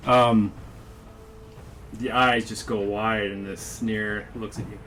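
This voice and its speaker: A man narrating as game master of a tabletop game, casual and halting, with many fillers. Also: fairly low pitch, level tone, very noisy.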